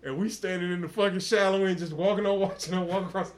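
A man tells a crude story in casual podcast talk. He swears constantly and breaks into laughter as he goes. His voice sits a little higher than most men's. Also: fairly even intonation, quick pace, a little hiss or hum. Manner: profane, laughing often while telling a story. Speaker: podcast host.

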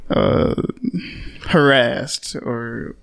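A man co-hosting a podcast, easygoing and quick to laugh in casual chat. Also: mid-range voice, steady tone, gravelly, fairly bright tone, clear, resonant tone. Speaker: podcast co-host.

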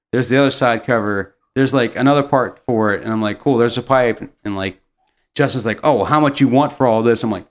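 A young adult man telling a rambling, animated story in casual chat, swearing and laughing often. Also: mid-range voice.

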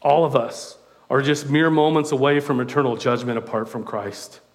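A male preacher delivers a sermon at a middle pitch. He talks conversationally and with animation, breaking in with self-deprecating asides. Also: moderate pace.

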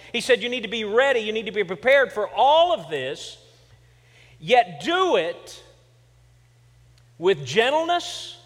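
Middle-aged pastor guy from kansas, fairly high voice, chatty funny sermon that gets punchy, big echoey church. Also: a bit bright. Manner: conversational storytelling with humor, building to emphatic points. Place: church sanctuary.

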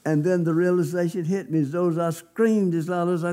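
A man's voice: high voice, fairly even intonation, fairly quick, hardly any pauses, mellow. A man preaching as a pastor, telling his own testimony in an emphatic, folksy storytelling way. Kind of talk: sermon testimony.

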